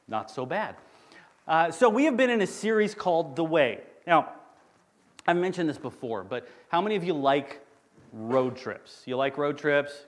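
A man's voice: on the high side, a bit bright. A middle-aged man, a campus pastor, preaching a sermon in a church sanctuary in a conversational, storytelling way and asking the congregation questions.

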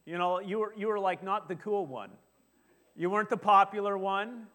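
High-voiced male pastor preaching. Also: moderate pace. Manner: lively, joking, asks the congregation questions. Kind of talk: sermon. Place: church sanctuary.

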